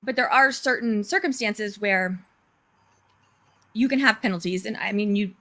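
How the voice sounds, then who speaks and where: A woman's voice: medium pitch, normal speed, bright, forceful tone. A woman chatting casually on a remote call, explaining legal points in a plain, conversational way. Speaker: co-host discussing a court case.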